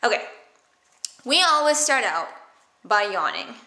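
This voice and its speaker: A woman teaching theatre vocal warmups in a playful, silly way, exaggerating her mouth movements. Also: medium pitch, very animated, measured pace. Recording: echoey room.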